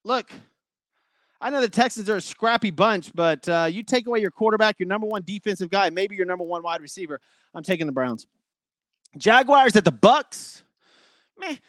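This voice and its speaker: A man's voice: high-pitched, animated, normal speed, a bit bright, dry recording. A man hosting a sports podcast, chatting loosely through game matchups and betting picks. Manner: loose, chatty, apologetic about glitches. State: breathing heavy. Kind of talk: casual sports betting talk.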